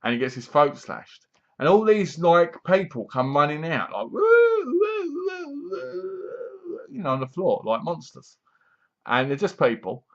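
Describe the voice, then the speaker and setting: A man gives a rambling, scornful review of a horror film, casually ranting and often mimicking the characters. His medium-pitched voice is expressive at normal speed, with the highs cut off.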